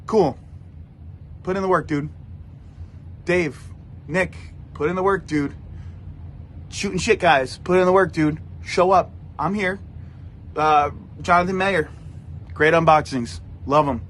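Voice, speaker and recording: A man's voice: on the high side, slow, long pauses, fairly bright tone, slight background noise. A man cutting a theatrical, mock-outraged wrestling-style promo, with mouth sound effects, as a podcast regular.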